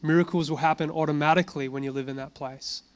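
Smooth-voiced man preaching. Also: a little high, fairly even intonation, fast. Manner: conversational, rhetorical questions and answers. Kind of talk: informal sermon with personal testimony.

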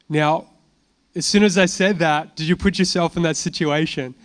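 A man's voice: fairly high pitch, moderate pace. A man preaching a sermon, telling a healing testimony with casual asides and laughter. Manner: animated storytelling, casual asides.

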